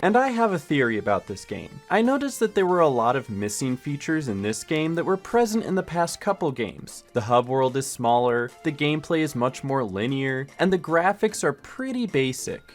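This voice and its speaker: Lively jokey gaming YouTuber man. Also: on the high side, normal speed, hardly any pauses, faint music behind. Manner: sarcastic, jokey, bursts into exclamations. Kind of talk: video game retrospective commentary.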